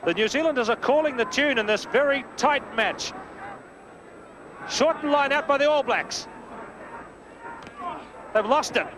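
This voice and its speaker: A man giving brisk live rugby play-by-play commentary, lifting his voice on big plays, from a worn old videotape broadcast. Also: very high-pitched. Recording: worn old VHS broadcast with crowd noise.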